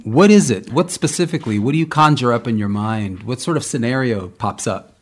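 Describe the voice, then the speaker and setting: A man's voice: medium pitch, brisk. A man co-hosting a faith discussion podcast, talking in an emphatic, questioning way. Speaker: podcast co-host.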